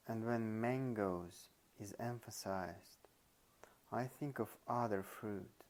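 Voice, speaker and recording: A man reading a nonfiction audiobook aloud, slow and deliberate, leaning on the example words he stresses. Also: lowish voice, darkish tone. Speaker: audiobook reader.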